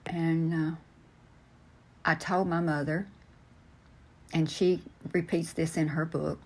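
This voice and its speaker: An older woman slowly telling a personal family story as an interview guest, with frequent pauses and fillers. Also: low voice, level tone, a little mellow. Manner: slow, halting, many fillers and restarts. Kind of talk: personal storytelling, answering questions.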